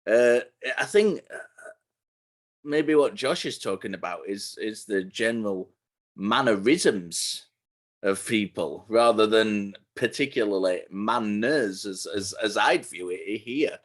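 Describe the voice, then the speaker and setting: A man from England co-hosting a podcast, speaking in a measured way with hesitant restarts. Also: on the low side, animated. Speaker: podcast co-host. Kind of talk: casual chat.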